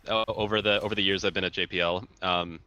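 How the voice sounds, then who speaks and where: A man in his thirties talks casually as an interview guest. His voice is low but bright in tone. He circles his points with fillers and restarts. The sound is dry and a little dull, as over a video call. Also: steady tone, quick pace, no room sound. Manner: chatty, many restarts and fillers. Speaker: guest engineer. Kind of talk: casual conversation.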